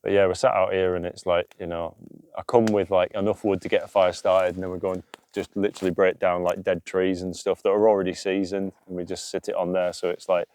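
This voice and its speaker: A man's voice: deep voice, little pitch movement, fairly quick, a little mellow. A man co-hosting a casual podcast outdoors by a campfire, talking earnestly about emotional healing, swearing freely and often adding "you know". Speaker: podcast co-host. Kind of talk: casual spiritual chat.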